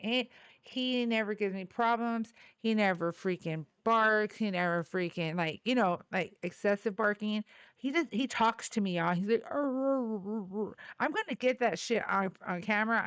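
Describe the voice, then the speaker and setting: Livestream host, woman, smooth clear voice, loose rambling chat with laughs and casual swearing. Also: medium pitch, fairly bright tone, no room sound. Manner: coos baby talk at her dogs.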